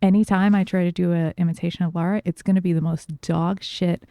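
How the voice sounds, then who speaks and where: A woman's voice: on the low side, steady tone, a little fast, warm tone, dry recording, clean studio sound. A woman with a New York accent chatting loosely while streaming a game, with lots of fillers. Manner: chatty, loose, filler-heavy, laughs easily. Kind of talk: casual gameplay streaming chat.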